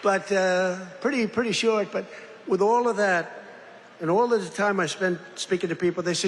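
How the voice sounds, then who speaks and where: An older man speaks at a podium in a big industrial hall, his voice ringing with a long echo over a faint crowd murmur. He rambles from point to point, boastful and mocking, in a fairly high register. The delivery is loose and conversational, like a rally speech. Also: fairly even intonation, moderate pace, gravelly, a little hiss or hum. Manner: digressive, boastful, mocking asides. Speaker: politician giving a speech.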